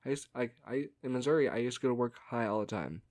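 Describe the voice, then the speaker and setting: A man's voice: medium pitch, quick pace, a little mellow. A young man telling stories from his customer service job in a rambling, casual way, laughing often and filling with "like". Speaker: vlogger telling work stories. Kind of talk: casual storytelling.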